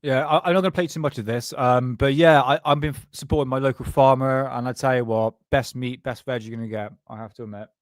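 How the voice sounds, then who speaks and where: A man's voice: mid-range voice, steady tone, fast, hardly any pauses, no room sound, clean studio sound. A man hosting a live stream, chatting in a rambling, loose way with frequent swearing and laughter while stoned. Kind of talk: casual live-stream chat.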